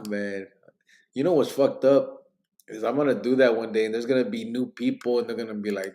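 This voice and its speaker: A man's voice: medium pitch, fairly even intonation, a little fast, dark tone. Sleepy man reading chat aloud. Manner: laid-back, joking, drops Spanish slang. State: sleepy, yawning. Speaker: livestream podcast host. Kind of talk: casual live chat, reading viewer comments aloud.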